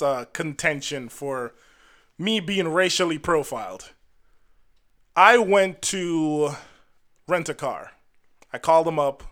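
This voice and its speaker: A man's voice: fairly high pitch, pushed and bright. A man from Jamaica telling personal stories to camera in a casual, earnest and wry way. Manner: earnest and wry, acts out the people in his stories. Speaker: vlogger.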